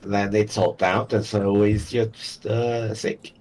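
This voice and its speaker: A man's voice: lowish voice, flat delivery, slow pace, darkish tone. A man playing in a tabletop game who speaks hesitantly and trails off. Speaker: player.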